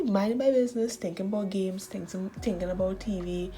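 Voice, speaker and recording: A woman of thirty talking candidly in a casual voice-over, often laughing and dropping into soft, whispery asides. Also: medium pitch, a little fast, hardly any pauses, slight background noise. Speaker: art channel host.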